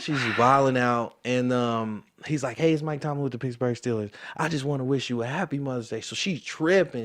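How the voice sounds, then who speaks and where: A man's voice: medium pitch, fairly quick, few pauses. A young man in his twenties, an interview guest and football player, telling a story casually and acting out the voices of the people in it.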